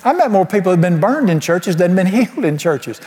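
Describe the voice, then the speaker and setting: A man preaching a sermon, folksy and emphatic, firing rhetorical questions and dropping to a low hush. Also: very animated, brisk. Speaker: pastor. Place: church sanctuary. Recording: long hall reverb.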